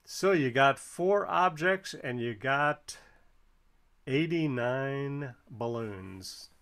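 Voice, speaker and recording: A man's voice: mid-range voice, lively intonation, drawn-out words, a bit bright, clear, resonant tone. A man giving casual, encouraging play-by-play while someone else flies in a video game, counting the balloon score aloud. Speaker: co-commentator watching a flight game.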